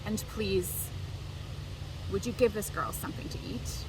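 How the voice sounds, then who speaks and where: A woman voicing a calm, gentle male teacher in a biblical storytelling, her speech steady and reassuring. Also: medium pitch, unhurried, close to an everyday voice. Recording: distant mic, traffic noise.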